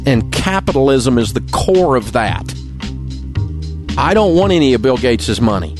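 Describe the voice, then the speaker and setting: Furious ranting man. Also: mid-range voice. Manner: angry, indignant, name-calling rant. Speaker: radio talk show host. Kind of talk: ranting talk radio monologue.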